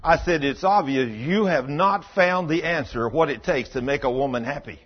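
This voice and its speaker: Folksy preacher man, husky voice. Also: normal speed. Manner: folksy, acts out dialogue, drops to low intense tones. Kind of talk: sermon storytelling. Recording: dull lo-fi sound.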